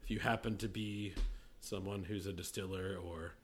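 A man co-hosting a casual podcast chat, loud and jokey, laughing and swearing freely. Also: low-pitched, fairly even intonation, moderate pace. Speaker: podcast co-host.

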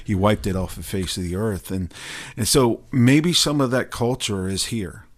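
Low-voiced hesitant man. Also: moderate pace. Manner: hesitant, many fillers. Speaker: podcast co-host. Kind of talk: casual Bible discussion.

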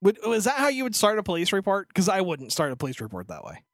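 A man's voice: high voice, wildly swooping pitch, fast, fairly bright tone, dry recording, studio quality. A man co-hosting a casual podcast, ranting sarcastically and swearing freely. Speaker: podcast co-host. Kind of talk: casual chat.

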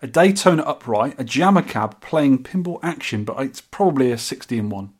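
The man has a medium-pitched, animated voice with a breathy edge and a moderate pace. As a podcast co-host he talks enthusiastically and loosely, often beginning his sentences again.

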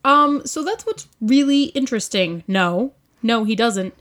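A woman's voice: a little high, expressive, unhurried, a bit bright. A woman playing a tabletop role-playing game, laughing often and speaking earnestly in character. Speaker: player.

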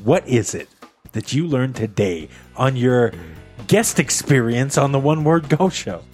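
Lively laughing male podcast host. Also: measured pace, faint music behind. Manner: laughing often, lively pitch swings. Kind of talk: casual group chat.

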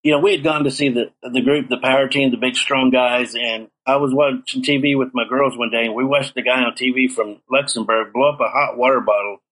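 A man's voice: mid-range voice, fairly even intonation, fairly quick, few pauses, a bit bright, poor audio. A middle-aged man earnestly telling his life story in an interview, acting out the dialogue he quotes. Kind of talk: personal testimony in an interview.

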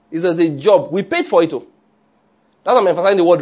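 A man preaching a sermon in an animated way, often checking with his listeners. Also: on the high side, fast talker, slightly rough. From Nigeria. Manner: animated, asks the audience often.

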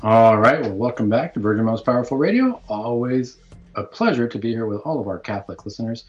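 A man's voice: medium pitch, lively intonation, brisk, faint music behind. A man hosting a Catholic radio talk show, speaking earnestly in a preaching manner, with fillers and restarts. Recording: dull lo-fi radio audio.

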